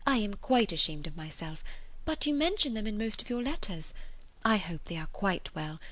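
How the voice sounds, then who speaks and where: A woman's voice: mid-range voice, animated, normal speed, fairly bright tone, no echo, voice pushed up. A woman reading the part of an attentive young mother speaking earnestly and eagerly to her father.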